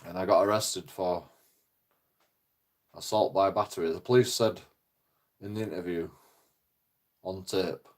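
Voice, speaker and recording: A man's voice: low-pitched, a little slow, long pauses. A man, telling a story on his channel in a casual, profane, indignant way. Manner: swearing heavily, animated, indignant. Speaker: channel host.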